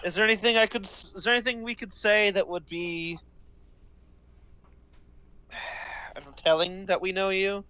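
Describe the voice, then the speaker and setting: A man's voice: high voice, steady tone, moderate pace, pauses often, bright, forceful tone. A man playing a tabletop game, earnest and questioning. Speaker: player.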